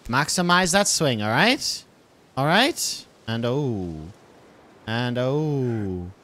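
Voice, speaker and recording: Exasperated swearing gamer, pitch swinging wildly. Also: male voice, sing-song, extremely slow, pushed and bright. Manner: exasperated, swearing, pleading with his game character. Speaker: gaming video host. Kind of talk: casual let's-play commentary.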